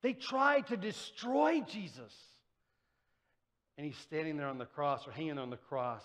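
A man's voice: a little high, sing-song, moderate pace. A man preaching a sermon as pastor, in a conversational way, acting out the voices he quotes. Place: church. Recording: church sanctuary with long reverb.

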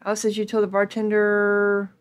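A woman playing a video game and reading its text aloud, thinking out loud casually with hums and ums. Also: mid-range voice, completely flat delivery, normal speed, clean tone. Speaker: gaming video creator.

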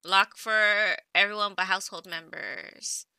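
A woman's voice: medium pitch, steady tone, unhurried, pushed and bright, clean tone, no echo. A woman giving casual gameplay commentary, chatty and easily exasperated, talking back to the characters on screen. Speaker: let's play gamer.

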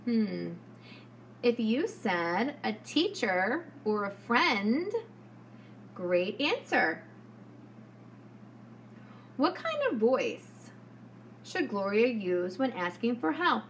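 A woman preschool teacher giving a lesson to young children, speaking slowly and clearly in a sing-song way. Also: a little high, very animated, slight background noise.

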